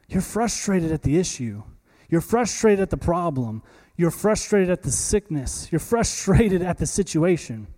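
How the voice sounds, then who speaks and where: A male pastor preaching a sermon in a conversational, animated way, acting out little scenes. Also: on the high side.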